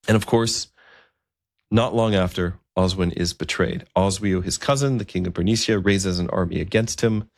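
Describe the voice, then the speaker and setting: A man tells a historical story in a relaxed, conversational manner, with easy asides. His voice is very low, with a gravelly fry. The recording is close and dry. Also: moderate pace, no room sound.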